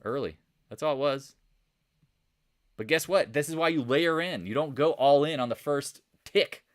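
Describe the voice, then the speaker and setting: A man hosting a live stock market chat, coaching viewers with lots of rhetorical questions in an animated, casual way. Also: fairly high pitch, moderate pace. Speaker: trading channel host.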